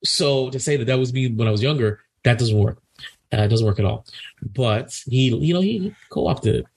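A man co-hosting a casual chat, talking in an animated, indignant way with many restarts. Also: medium pitch, normal speed, vocal fry, breathy edge. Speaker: podcast co-host.

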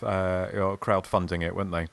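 A man's voice: low-pitched, flat delivery, a little fast, creaky, no echo. A man hosting a podcast, chatting casually and reading listener emails aloud. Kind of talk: casual chat.

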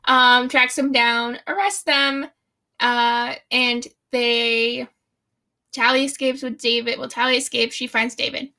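A woman's voice: a little high, flat delivery, slow pace, bright, forceful tone. A young adult woman co-hosting a casual book chat, talking in a chatty way, swearing freely and laughing often. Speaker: podcast co-host.

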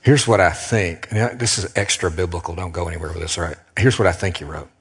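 A man preaching a sermon as a pastor, earnest and emphatic, slowing down with dramatic pauses. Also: low-pitched, slightly rough, big-room sound.

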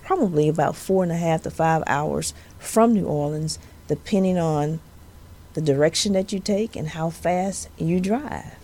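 A woman in her fifties speaks with a northern Louisiana Southern accent, her lowish voice carrying a gravelly edge. She hosts a podcast in an earnest, motivational way, stacking up emphatic repeated phrases like a preacher. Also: darkish tone. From Louisiana, USA. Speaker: podcast host, civil rights attorney.

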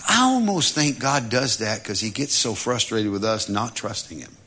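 A preacher delivering a sermon with a bright, clear tone. He is animated and humorous, slipping in quick acted-out voices as he goes. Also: fairly low pitch.

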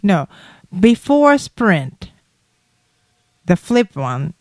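A woman from Japan in her thirties chats as a podcast co-host, her voice rising and falling with animated storytelling and frequent laughs. The sound is close and dry, with no room around it. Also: medium pitch, extremely slow, no room sound. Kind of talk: casual chat.

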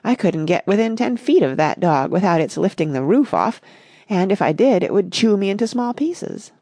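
A woman reading the part of an eager, excitable young gentleman in a storybook, brisk and exclamatory. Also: mid-range voice, dry recording, clean studio sound. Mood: incredulous.

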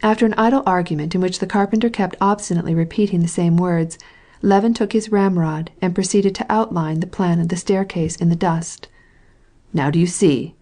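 Woman, audiobook narrator, measured storytelling, lowish voice. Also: warm tone. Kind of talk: scripted narration of a classic novel.

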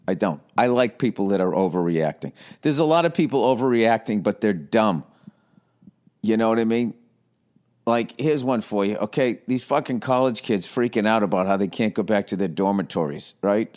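A man hosting a podcast, ranting comedically in a profane, sarcastic, rambling way. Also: medium pitch. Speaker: podcast host. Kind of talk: comedic rant.

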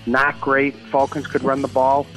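A man giving sports betting picks on the radio, brisk and confident. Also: mid-range voice, monotone, fairly bright tone, soft background music, low-quality recording. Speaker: guest picker. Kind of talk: casual sports chat.

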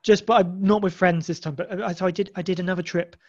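An English man with a fairly high voice talks loosely, circling back and restarting his sentences often. The sound is dull and lo-fi, like a modest home setup. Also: fairly even intonation, fast, a little mellow. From England. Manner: rambling, many restarts and fillers. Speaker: guest. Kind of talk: casual podcast conversation.

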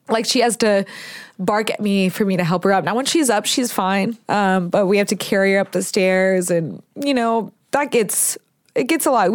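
A woman's voice: mid-range voice, no echo, studio quality. A woman, hosting a podcast and telling stories in a casual, chatty way. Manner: chatty storyteller with Southern "y'all", swearing and laughs. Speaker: podcast host. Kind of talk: casual chat.

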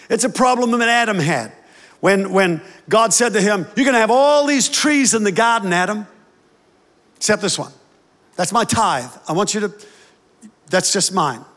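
A man preaching a sermon with emphatic delivery, sometimes raising his voice. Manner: emphatic preaching, quick shifts to louder, higher lines. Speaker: pastor. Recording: long hall reverb.

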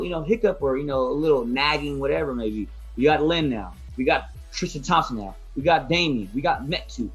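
A husky-voiced man breaks down a basketball game at a rapid clip. He talks emphatically and keeps circling back to "most importantly". Faint music sits under his casual podcast chat. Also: a little high, fairly bright tone. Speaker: podcast co-host, basketball analyst. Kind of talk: casual sports talk.

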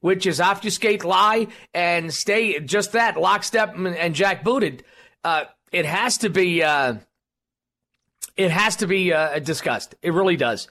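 A man's voice: high voice, unhurried, pushed and bright. A man hosting a political talk radio show, rambling and combative, with many fillers.

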